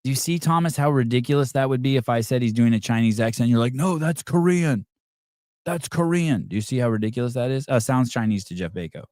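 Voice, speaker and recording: A man's voice: mid-range voice, fast talker, few pauses, darkish tone, no echo, clean studio sound. A man hosting a live call-in podcast, rambling in a sarcastic, profane way. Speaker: podcast host.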